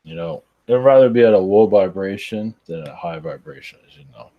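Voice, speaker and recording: A tired man who works as a spiritual channeler, answering chat questions live in a rambling, halting way with many restarts. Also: deep voice, expressive, no echo, phone-quality sound. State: tired, yawning.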